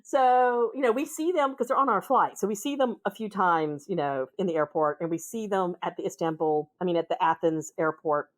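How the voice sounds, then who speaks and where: A woman with a Minnesota accent, a podcast guest telling travel stories in a casual, animated way. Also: lowish voice, a little fast, hardly any pauses. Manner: animated, acts out voices in her anecdotes. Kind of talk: casual storytelling conversation.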